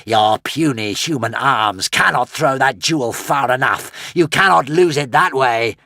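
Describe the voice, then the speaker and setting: A man's voice: medium pitch, a little slow, sharp tone, dry recording, studio quality, pitched above the performer's own voice. A man voicing a huge, ancient, furious male sea dragon who snarls and roars in an audiobook. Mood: scornful. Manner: snarling, roaring.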